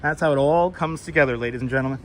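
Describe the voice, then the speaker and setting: A man hosts a walking live stream, his voice sitting high for a man. He talks loose and profane on a wireless mic. Faint traffic hum hangs behind him on the street. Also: racing. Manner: loose and profane, greets viewers. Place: city streets outdoors. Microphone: wireless clip mic. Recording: outdoor street with light traffic noise.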